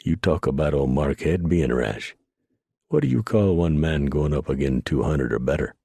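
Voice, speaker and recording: A man voicing a folksy, rough-talking old frontier trapper in a western audiobook. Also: a bass voice, animated, normal speed, dark tone, dry recording, exaggerated voice.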